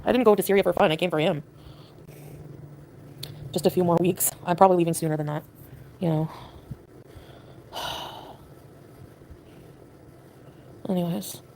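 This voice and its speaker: A woman from Canada livestreaming, venting quietly and talking to her chat. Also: fairly low pitch, fairly even intonation, slow, pauses often, slight background noise. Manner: subdued, venting, talks to chat.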